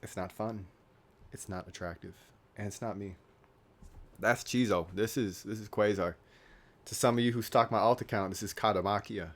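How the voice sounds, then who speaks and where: A man's voice: fairly low pitch, fairly even intonation, normal speed, pauses often. A young man in his late teens vlogging casually, rambling and joking at his own expense. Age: young adult. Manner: rambling, self-deprecating, joking. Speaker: YouTuber.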